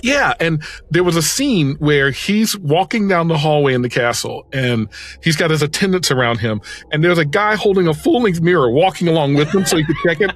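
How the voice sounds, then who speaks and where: Hesitant, fairly high-voiced man musing. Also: expressive, fairly quick. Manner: reflective, hesitant, with fillers and self-corrections. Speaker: podcast co-host. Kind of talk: casual movie discussion.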